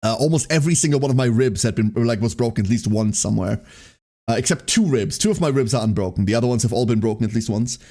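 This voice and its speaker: A man's voice: mid-range voice, expressive, quick pace, warm tone. A man streaming live, chatting casually with his chat, rambling and often breaking into laughter.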